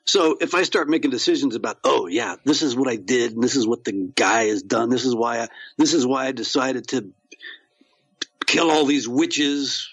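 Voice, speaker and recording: A man talks about his acting work in a loose, rambling way, full of fillers and restarts. His voice sits at an ordinary pitch. The sound is dry, with no room around it. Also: moderate pace, a bit bright, breathy edge, no echo, poor audio. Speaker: actor, guest. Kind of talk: casual interview chat.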